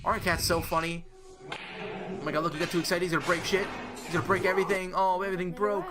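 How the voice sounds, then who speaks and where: A man's voice: high-pitched, little pitch movement, fast talker, over music, natural voice. A man voicing an overexcited, fake-amazed reaction streamer who gushes in breathless, childlike exclamations. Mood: giddy.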